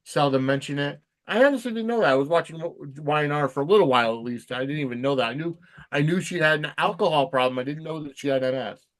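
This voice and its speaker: A man co-hosting a casual chat podcast, talking in a halting way with many "um" fillers. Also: on the high side. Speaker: podcast co-host.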